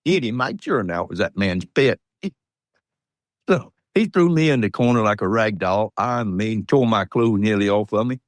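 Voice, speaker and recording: A man's voice: lowish voice, expressive, normal speed, no room sound. A man in his eighties from Georgia with a Southern accent, telling folksy, rambling stories as a guest in an interview. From Georgia, USA. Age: 80s. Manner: folksy rambling storyteller, chuckles. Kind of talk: storytelling interview.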